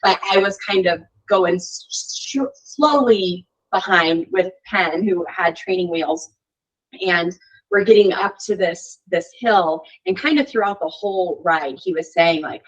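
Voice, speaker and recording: A woman's voice: fairly low pitch, a little slow, fairly bright tone, lo-fi sound. A woman being interviewed on a podcast, telling a story in a chatty way with lots of "like" and "you know". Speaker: podcast guest. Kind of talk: casual interview chat.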